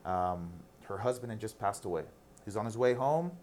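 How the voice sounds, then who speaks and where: A man's voice: lowish voice, expressive, normal speed, darkish tone, a little hiss or hum. A man in his thirties, a guest on a casual interview, telling stories candidly and animatedly, with some casual swearing.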